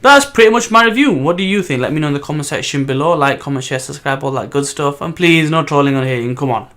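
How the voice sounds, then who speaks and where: A man's voice: on the high side, animated, fast, fairly bright tone. A man hosting a casual solo comic review, rambling with many ums and restarts. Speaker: manga reviewer host.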